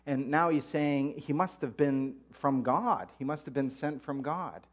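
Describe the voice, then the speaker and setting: A man's voice: mid-range voice, measured pace. Man preaching conversationally. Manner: conversational, animated when quoting scripture. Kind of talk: sermon with Bible reading.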